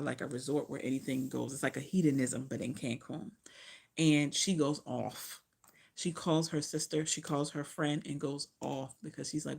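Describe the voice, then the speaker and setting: Chatty woman with a gravelly voice. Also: low voice, darkish tone. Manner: chatty, profane, loses track and self-corrects. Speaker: book reviewer. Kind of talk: casual book recap.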